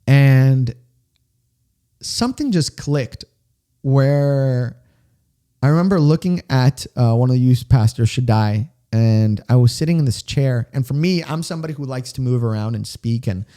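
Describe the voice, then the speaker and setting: A young man hosting a podcast, telling a personal story in a casual, excitable way, with "dude" and "like" all through it. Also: medium pitch, measured pace. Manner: excited, chatty, says "dude" and "like" often. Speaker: podcast host.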